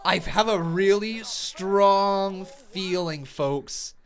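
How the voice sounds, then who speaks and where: A man with a fairly high voice hosts a live wrestling watch-along stream. He calls each move with excitable play-by-play. Between the calls he reads chat comments aloud and laughs often. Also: extremely slow.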